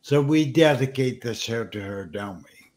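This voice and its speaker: A man hosting a casual livestream show, emotional and halting, often restarting his words. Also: medium pitch, lively intonation, darkish tone. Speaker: show host.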